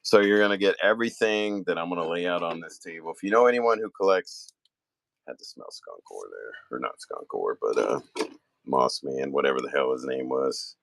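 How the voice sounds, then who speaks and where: A man who owns a toy store, chatting casually through a live-stream auction, rambling with quick apologetic asides. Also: a bass voice, lively intonation, gravelly, a little hiss or hum. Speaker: toy store owner running online auctions. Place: indoor shop room.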